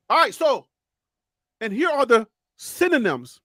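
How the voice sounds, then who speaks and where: High-voiced Liberian man hosting. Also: fairly quick, dry recording, studio quality. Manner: excitable, repeats words, laughs often. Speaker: host. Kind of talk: live sports debate chat.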